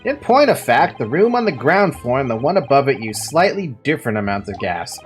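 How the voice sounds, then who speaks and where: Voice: medium pitch, big pitch swings, brisk, faint music behind, close to an everyday voice. A let's-player voicing a confident, eccentric male detective in a breezy, self-assured way. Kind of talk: reading game dialogue aloud.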